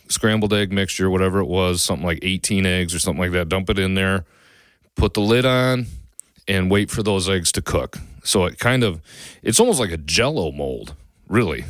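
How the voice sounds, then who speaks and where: Man, very low voice, dry close sound, folksy rambling podcast host. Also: fairly bright tone, smooth, no echo. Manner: rambling, folksy, lots of restarts and fillers. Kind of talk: casual cooking podcast talk.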